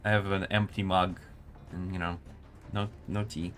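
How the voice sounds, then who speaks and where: A man's voice: deep voice, flat delivery, moderate pace, soft background music. A man working as a community manager, casually chatting with viewers and commenting on a match during a live stream. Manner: casual, answers chat while spectating a match.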